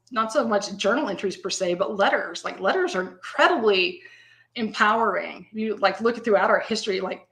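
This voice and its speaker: A woman in her fifties in casual live-stream podcast talk, rambling and conversational, often laughing. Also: mid-range voice. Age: 50s.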